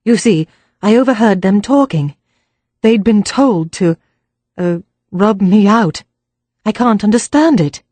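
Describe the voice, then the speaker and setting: A woman's voice: mid-range voice, expressive, unhurried, pauses often, dark tone, no room sound. A woman doing a plucky young gent. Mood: earnest. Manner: jaunty, old-fashioned slang. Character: cheerful young English gentleman, plucky.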